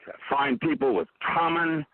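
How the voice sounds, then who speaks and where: Older man explaining over a gravelly phone line. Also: a little high, flat delivery, normal speed, no room sound. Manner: lecturing, explains with metaphors. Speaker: guest. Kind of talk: explanatory interview talk.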